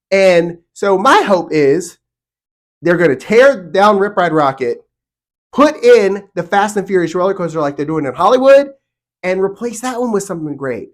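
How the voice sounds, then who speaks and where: A man's voice: high-pitched, expressive, normal speed. A middle-aged man vlogging from a home studio, talking to camera in a casual, opinionated, emphatic way with mock outrage. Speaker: theme park vlogger.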